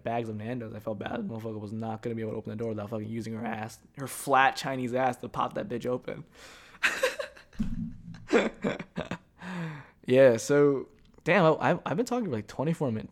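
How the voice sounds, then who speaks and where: A young man talks alone into his podcast mic, meandering from story to story. He swears freely and jokes at his own expense, with a voice of ordinary pitch for a man. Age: young adult. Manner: rambling, profane, joking storytelling. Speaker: podcast host. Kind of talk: casual solo podcast monologue.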